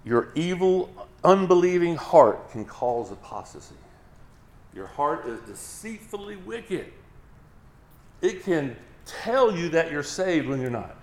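A man's voice: a little high, very animated, slow, roomy sound. A man preaching a sermon as a pastor, driving each point home with emphatic repetition.

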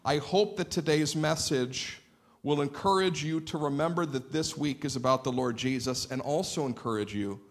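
A middle-aged man preaching a sermon in a church sanctuary, a lively and playful storyteller who acts out the dialogue in his anecdotes. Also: fairly high pitch, normal speed. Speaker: pastor.

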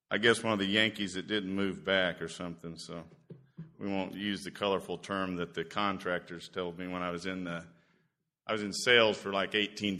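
A man's voice: sits low, bright, forceful tone. A man in his sixties from Indiana, opening a sermon as guest preacher in a folksy, self-deprecating storytelling way with many fillers. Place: church sanctuary.

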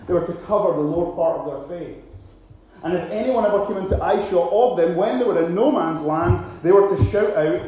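A man preaching a sermon with dramatic delivery, now and then acting out loud shouted cries. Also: high voice, fairly quick, dull audio. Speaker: pastor. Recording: very echoey hall.

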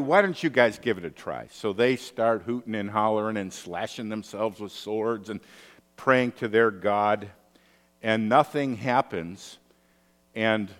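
A low-pitched man preaches slowly, telling stories with lively asides and checking in with "right?". His voice carries a long reverb tail from a large hall. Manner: storytelling, animated with asides and rhetorical "right?". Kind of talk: sermon.

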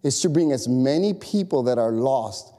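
Male pastor, 30s-40s, exhortative sermon, mellow tone, long room reverb. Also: medium pitch, normal speed. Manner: animated, repetitive exhortation with asides. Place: church sanctuary. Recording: long echo of a large hall.

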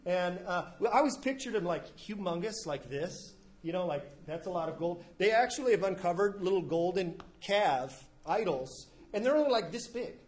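Male pastor with a higher-pitched voice, delivering a casual, story-driven sermon. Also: lively intonation, moderate pace, few pauses, a little mellow. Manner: conversational storytelling, acts out quoted characters casually.

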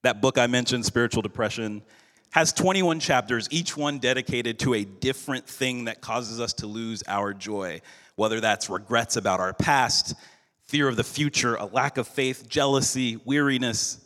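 A male pastor giving a sermon in an earnest, measured way, slowing down for emphasis. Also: mid-range voice, a bit bright. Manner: earnest, measured preaching with slowed emphatic phrases. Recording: long hall reverb.

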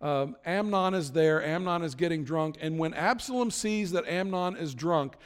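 A man with a high-pitched, clear and resonant voice tells a sermon story casually and conversationally, now and then acting out what the characters say. A long hall reverb surrounds him.

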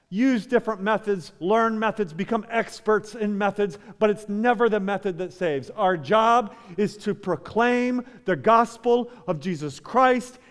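A man's voice: high-pitched, clean tone. A man preaching a sermon to his church, building to fervent peaks and calling out to the congregation. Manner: rising to fervent climaxes, addresses the church directly. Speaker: pastor. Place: church sanctuary. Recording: long hall reverb.

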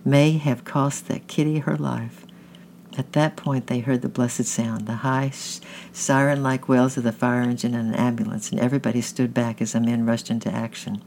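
A man's voice: medium pitch, level tone, a little fast, gravelly, darkish tone, slight background noise. Man reading a novel aloud, stumbling. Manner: plain reading with frequent slips and restarts. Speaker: audiobook reader.

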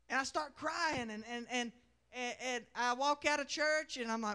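A young man preaching a testimony in a sermon, telling his story with animated swings between loud declarations and hushed asides. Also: very high voice, a little slow, pauses often, smooth.

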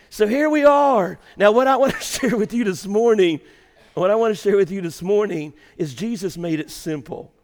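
A man preaching a sermon to his congregation, swinging between hushed storytelling and shouted emphasis. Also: high-pitched, normal speed. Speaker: pastor. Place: church sanctuary. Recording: reverberant church hall.

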